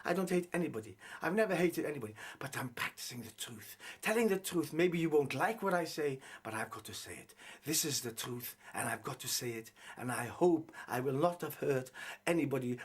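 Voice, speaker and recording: Husky, preachy rabbi. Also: male voice. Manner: preachy, emphatic, repeats himself, swings between low mutter and raised urgency. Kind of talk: impassioned video monologue.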